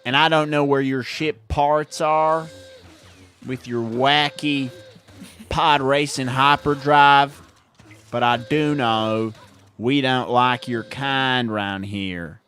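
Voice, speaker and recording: A man putting on a slow Southern US drawl as a grumpy, unwelcoming desert-town local. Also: mid-range voice, fairly even intonation, a bit bright. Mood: hostile drawl.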